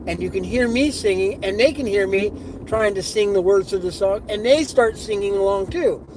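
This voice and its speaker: A middle-aged man tells a casual story while driving, acting out the voices he quotes with lively energy. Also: high-pitched, normal speed, low-quality recording. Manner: animated, acts out quoted voices. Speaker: live streamer. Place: inside a car on the road. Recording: car and road noise behind.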